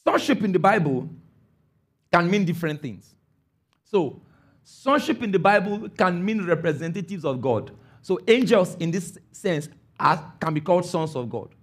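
A male preacher with a high, animated voice delivers an emphatic sermon. He keeps checking that the listeners are with him and pushes up into shouts on the lines he stresses. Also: moderate pace, breathy edge. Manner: emphatic, calls for congregation responses; rises to shouts on key phrases.

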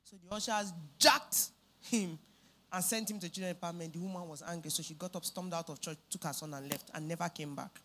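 A woman's voice: lowish voice, steady tone, brisk, fairly bright tone, slight background noise. Female preacher, emphatic sermon delivery with repeated phrases.

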